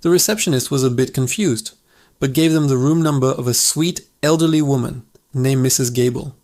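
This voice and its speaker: A man narrates funny stories for his channel in an upbeat, chatty way. His voice sits at an ordinary middle pitch, and the telling sounds scripted but relaxed. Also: brisk. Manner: upbeat, conversational storyteller. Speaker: channel host.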